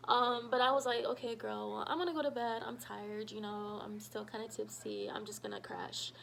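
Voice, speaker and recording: A woman telling a personal story in a casual vlog, animated and full of fillers, acting out what people said. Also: on the high side, moderate pace, gravelly, slight background noise, low-quality recording. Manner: animated, shouts quoted lines, many fillers. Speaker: storytime vlogger.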